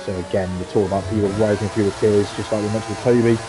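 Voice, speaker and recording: A man doing lively play-by-play commentary for a sim racing league, chatty and quick to pull his co-host in. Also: fairly low pitch. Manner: chatty, excitable, asks co-host questions. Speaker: lead race commentator. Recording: noisy game car engine sound behind. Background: racing game engine noise.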